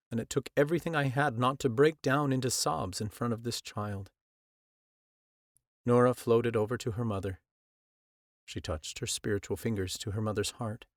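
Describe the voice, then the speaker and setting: A man narrating a first-person audiobook in a measured, earnest storytelling manner, close to the mic. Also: mid-range voice, no echo. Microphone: close studio mic.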